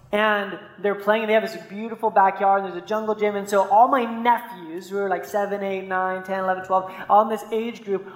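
A male pastor giving a sermon in a relaxed, conversational way, telling stories and often checking in with the listeners. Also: high-pitched. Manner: conversational preaching with stories, frequent "right?". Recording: echoey hall reverb.

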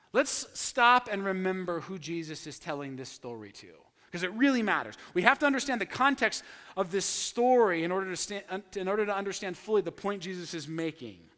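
A man preaching a sermon, telling a story with lively acted-out quotes. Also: high voice, in a large hall. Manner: animated storytelling, acting out quotes. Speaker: pastor.

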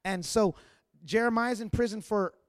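Male pastor, high-pitched, passionate sermon delivery with stammered repeats; dry, close recording. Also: moderate pace, no echo. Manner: passionate preaching with loud emphatic peaks and stammered repeats.

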